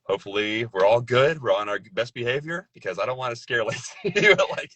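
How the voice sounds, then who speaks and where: A man's voice: mid-range voice, brisk, fairly bright tone, no room sound. A man in his thirties, a voice actor guest in a casual chat, loose and joking and swearing casually.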